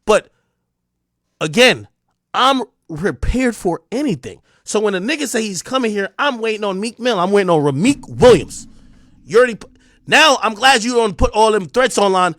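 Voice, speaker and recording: A man with a New Jersey accent hosting a livestream, delivering a heated, taunting rant that swings between loud jabs and low mutters. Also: lively intonation, normal speed, dry recording, studio quality. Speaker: livestream host. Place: home streaming room.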